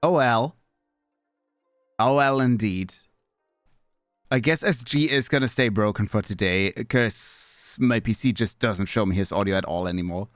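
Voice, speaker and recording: A young man streaming live, chatting with viewers while fighting broken software, scattered and exasperated, cursing and leaping from mumbles to high squeaky outbursts. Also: unhurried, long pauses, no room sound, studio quality, soft background music. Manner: scattered and exasperated, swearing at tech trouble. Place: home streaming setup.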